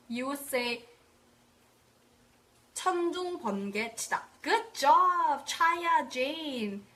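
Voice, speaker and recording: Young woman, high voice, upbeat online language teacher who drills words by repetition. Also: a bit bright. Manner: repeats words slowly for practice, cheerful praise. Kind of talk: live online language lesson.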